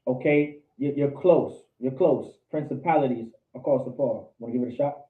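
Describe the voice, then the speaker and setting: A man's voice: medium pitch, moderate pace. A man teaching a Bible class, quizzing his students and repeating key points for emphasis. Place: indoor meeting room with a class. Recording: tinny, echoey lo-fi room recording.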